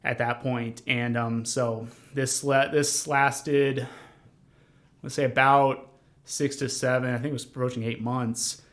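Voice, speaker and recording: A young man recounts his own story as a podcast guest in a flat, level voice that barely rises or falls. His mid-range voice is unhurried, and his conversational storytelling is earnest and rambling, packed with fillers and restarts.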